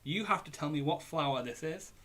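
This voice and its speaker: On a hot day indoors at home, a young man with a Yorkshire accent hosts a live online pub quiz, reading out questions and answer options with jokey, relaxed chat. His voice is fairly high, fairly bright, and expressive, and he talks fairly quickly.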